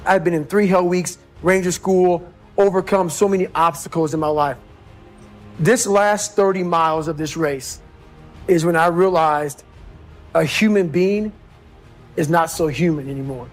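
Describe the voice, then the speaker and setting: A motivational speaker delivers an intense, blunt speech with lots of emphasis. His voice is on the high side and he takes his time, with faint music playing in the background.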